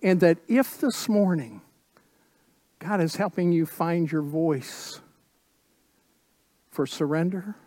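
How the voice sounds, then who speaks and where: A man preaching a sermon as pastor, emphatic and full of repeated phrases, dropping suddenly to soft tones. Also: fairly high pitch, no echo.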